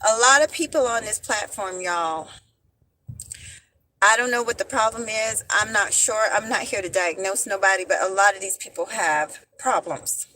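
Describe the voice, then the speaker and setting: A woman's voice: medium pitch, moderate pace, bright, forceful tone, slight background noise, rough recording. A woman hosting a livestream. She talks straight to her viewers in casual slang and repeats her points with emphasis, into a phone she holds in her hand. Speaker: livestream host. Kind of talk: livestream commentary. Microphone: phone held in hand.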